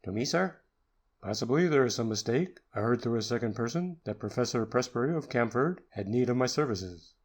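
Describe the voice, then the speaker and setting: A man's voice: animated, fairly quick, slightly rough. A man voicing an irascible elderly professor in an audiobook, stiff, cold and suspicious. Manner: stiff and haughty, rising to high screaming rage. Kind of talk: audiobook character reading.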